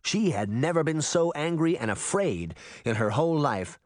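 A man narrating a storybook aloud in an expressive, storytelling manner. His pitch rises and falls in an animated way. The recording is dry and close, with no room sound. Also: normal speed, dry recording. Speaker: audiobook narrator. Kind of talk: audiobook narration.

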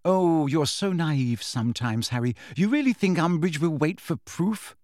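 A man's voice: on the high side, expressive, unhurried, a little mellow, no room sound, studio quality, voice pushed up. A man voicing a clever, hot-tempered teenage schoolgirl witch who talks sharply and indignantly.

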